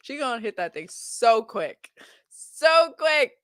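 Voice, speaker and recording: A woman's voice: a little high, very animated, slow, a bit bright, dry recording, clean studio sound. A young woman streaming a reaction to a video, chatting and giggling to her viewers and saying "like" a lot. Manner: giggly, chatty, full of filler "like".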